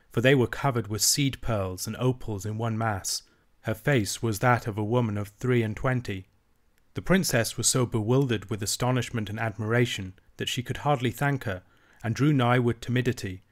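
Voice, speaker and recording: A man reading a classic children's novel aloud in a measured, even narrating voice. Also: mid-range voice. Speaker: audiobook reader.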